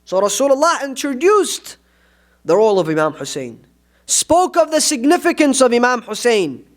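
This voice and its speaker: Male preacher, very high voice, fervent sermon delivery, presses the hall with rhetorical questions. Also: wildly swooping pitch, moderate pace. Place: mosque.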